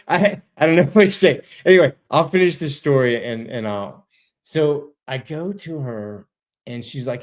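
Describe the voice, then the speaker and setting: A man's voice: mid-range voice, normal speed. A man telling a story as a guest, casual and laid-back, over a video call. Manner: animated, laid-back, says dude a lot, swears. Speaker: interview guest.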